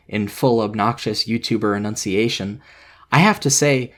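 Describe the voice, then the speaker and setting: A man narrating a scripted video essay in a measured, analytical way. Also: fairly low pitch.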